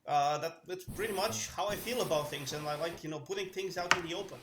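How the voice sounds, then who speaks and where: A man's voice: fairly high pitch, fast talker, roomy sound, music in the background. A man playing his character in a tabletop game, talking earnestly with many restarts. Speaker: player. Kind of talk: in-character tabletop role-play.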